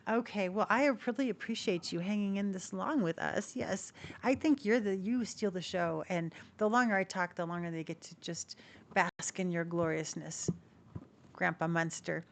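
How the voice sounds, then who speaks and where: A woman hosting a casual tarot video, chatting to camera and cooing at her pet cockatiel in high baby talk. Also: normal speed, vocal fry. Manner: chatty, with restarts and soft laughs. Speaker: tarot reader and channel host.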